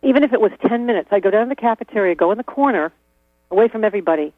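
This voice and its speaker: A man's voice: sits high, animated, very fast, dry recording. Chatty man on a tinny line. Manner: chatty, laughs often, frequent ums and restarts. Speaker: guest. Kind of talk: casual interview talk. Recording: tinny phone-like line with mains hum.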